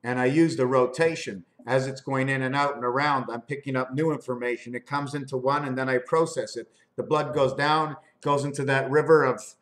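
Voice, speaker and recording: A man in a rambling monologue, riffing on words and spelling out letters in an animated, sing-song way. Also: mid-range voice, fairly quick, hardly any pauses. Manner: free-associating wordplay, spelling out letters.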